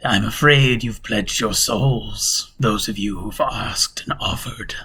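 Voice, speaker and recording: A man doing a husky, slow-drawling ancient entity. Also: fairly low pitch, heavily acted. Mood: sinister amused. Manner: slow, savoring, with soft chuckles and hissed whispers. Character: ancient sinister male entity, amused, cryptic. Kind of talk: game master voicing a character.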